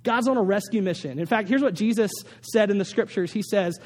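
Male pastor, high voice, earnest and animated, long hall echo. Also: fairly quick, slight background noise. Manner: earnest, animated storytelling with many restarts. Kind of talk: sermon.

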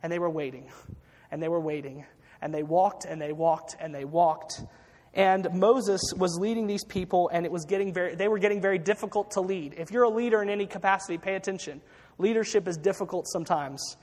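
High-voiced preacher in a reverberant hall. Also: male voice, fairly quick, a little mellow. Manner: storytelling with acted quotes, frequent restarts. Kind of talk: sermon.

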